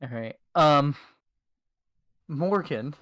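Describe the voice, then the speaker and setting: A man acting as game master, narrating a tabletop game over voice chat in a relaxed, self-deprecating way. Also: fairly high pitch, drawn-out words, no echo.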